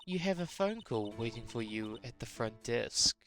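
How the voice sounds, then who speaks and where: A woman's voice: rumbling low, expressive, moderate pace, fairly bright tone, soft background music. A woman voicing a polite, formal male hotel bellboy from a video game.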